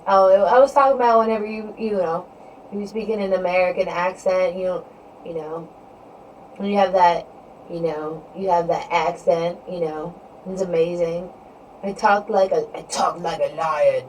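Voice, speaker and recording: A woman chats loosely with her live-stream audience, drifting between topics and leaning on "you know" every few words. Her voice sits a little low, and she sounds set back from the microphone, with a faint hiss in the background. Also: fairly even intonation, moderate pace, a little mellow. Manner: rambling, leans heavily on "you know". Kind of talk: casual live-stream chat with viewers. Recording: distant mic with faint background noise.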